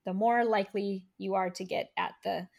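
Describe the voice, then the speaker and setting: A woman's voice: mid-range voice, fairly even intonation, moderate pace, vocal fry, a little mellow. A woman hosting a podcast in casual chat, thinking aloud and often restarting her sentences. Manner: thoughtful, with frequent restarts. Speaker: podcast host.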